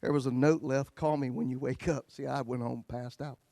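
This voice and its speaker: A man preaching a sermon as a pastor, telling a personal story in a folksy, joking way and swinging between loud and hushed. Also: mid-range voice, fairly even intonation, normal speed, vocal fry, dry recording.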